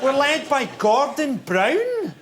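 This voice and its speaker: A man, a guest comedian, arguing his side with a deadpan, grim comic delivery. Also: extremely high pitch, slow pace. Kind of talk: dark stand-up style argument. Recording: stage mic, loud audience and noise.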